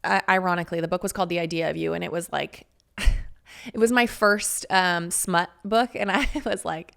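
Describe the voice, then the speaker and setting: A woman in her thirties talks through her own story on her podcast, chatty and unguarded, with casual swearing along the way. Her voice sits at a middle pitch with a gravelly fry running through it. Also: normal speed, a bit bright. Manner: chatty, frank, swears freely, laughs between phrases. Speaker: podcast host. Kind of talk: candid personal storytelling.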